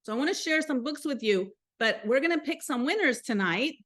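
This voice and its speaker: A woman's voice: high-pitched, expressive, brisk, fairly bright tone. Chatty, upbeat Southern woman. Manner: chatty, upbeat, talks straight to viewers. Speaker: host. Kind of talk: live-streamed motivational talk.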